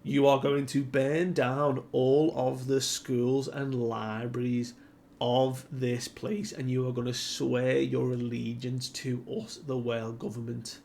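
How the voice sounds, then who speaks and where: A man's voice: mid-range voice, level tone, slow pace, creaky, a little mellow, slight background noise. A man voicing a cruel male villain who coldly makes threats. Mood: menacing.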